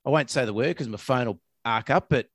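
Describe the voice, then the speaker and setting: A middle-aged man with an Australian accent, co-hosting a casual podcast in a relaxed way, laughing often. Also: medium pitch, fairly quick, slightly rough, no echo. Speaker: podcast co-host, vet. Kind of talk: casual chat.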